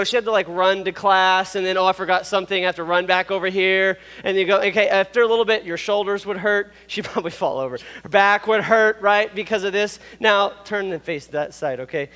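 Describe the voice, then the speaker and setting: A man's voice: high voice, a bit bright, long reverb tail. A man in his thirties, a pastor giving a casual, playful youth sermon on stage with a microphone. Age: 30s. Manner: casual and playful, with asides and laughs. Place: stage in a church hall. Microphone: wearing a microphone.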